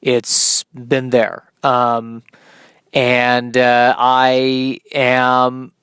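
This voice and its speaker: A man's voice: mid-range voice, completely flat delivery, drawn-out words, fairly bright tone, smooth, no echo, clean studio sound. A man hosting his own podcast, delivering a rambling, self-deprecating comedic monologue.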